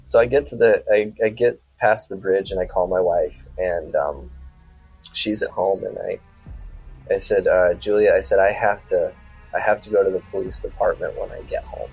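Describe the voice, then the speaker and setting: A deep-voiced man from South Dakota guests on a podcast and tells a long story in a loose, rambling way. He keeps acting out both sides of conversations as he goes. Soft music plays quietly behind him. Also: normal speed, husky, poor audio. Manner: rambling retelling full of quoted dialogue and repeated "I said". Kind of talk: casual storytelling.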